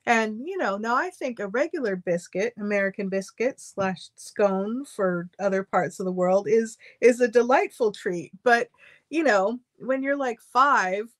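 A woman's voice: medium pitch, dry recording. A woman co-hosting a livestream in casual chat, laughing a lot and telling stories at an easy pace. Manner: unhurried storytelling, laughs a lot. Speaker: livestream co-host.

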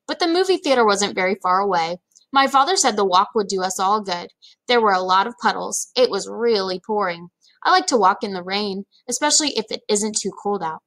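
A woman reading a children's novel aloud in first person, lively storytelling. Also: medium pitch, low-quality recording. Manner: lively storytelling, quick voice shifts for characters.

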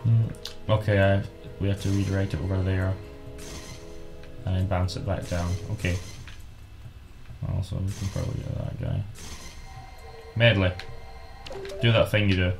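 A man with a fairly low voice bantering playfully while playing a video game. He hums tunes and cracks jokes as he plays, with faint game music underneath. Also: flat delivery, moderate pace, creaky, pauses often. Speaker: let's play co-host. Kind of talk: casual gameplay banter.

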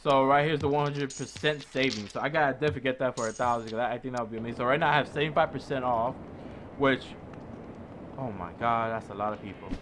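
A man giving casual, excitable commentary on his own gameplay, often yelling orders at the game's characters. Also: mid-range voice, fast talker, background noise. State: out of breath. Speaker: gaming YouTuber. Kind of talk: casual let's play commentary. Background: game music.

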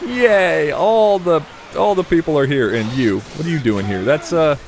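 Male gameplay host, fairly high voice, chatty and lively, laughs a lot while commenting. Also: moderate pace. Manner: chatty, laughs often, mutters to himself and other players.

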